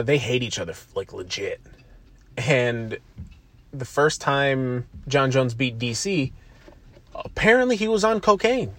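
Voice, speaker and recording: A man hosts a casual solo podcast in a medium-pitched voice with no echo. He wanders off on tangents, swears freely and pokes fun at himself.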